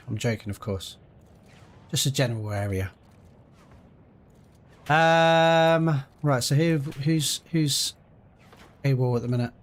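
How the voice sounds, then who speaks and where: A young British gaming livestreamer chats casually while playing a video game live, reading and answering his viewers' messages. His voice is medium-pitched, with a measured pace and frequent pauses.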